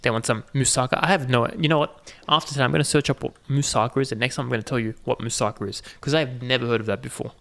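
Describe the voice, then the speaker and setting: A man talks his way through a game in a loose, chatty commentary. His voice has a gravelly rasp and sits at an ordinary middle pitch. He keeps throwing playful asides to his viewers. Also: fairly even intonation, racing, hardly any pauses, bright, forceful tone. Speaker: gaming channel host. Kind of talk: casual gameplay commentary.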